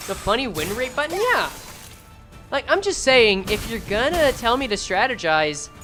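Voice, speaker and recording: A woman's voice: fairly high pitch, sing-song, moderate pace, music in the background. A woman streaming a game, reading skill text aloud and joking sarcastically with her chat.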